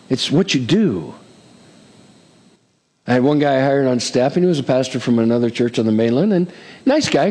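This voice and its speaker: A middle-aged man preaching a sermon as pastor, emphatic and lively, with touches of humor. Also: on the high side, big-room sound.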